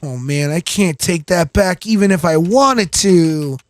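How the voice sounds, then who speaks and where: A man's voice: fairly high pitch, measured pace, no echo. A man giving casual gameplay commentary, rambling, giggly and self-deprecating. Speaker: gaming channel host.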